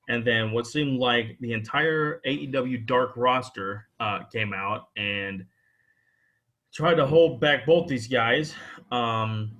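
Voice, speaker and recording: A man's voice: mid-range voice, takes it slowly, fairly bright tone, highs cut off. A man hosting a wrestling podcast in loose, playful casual chat, teasing his co-host and using slang.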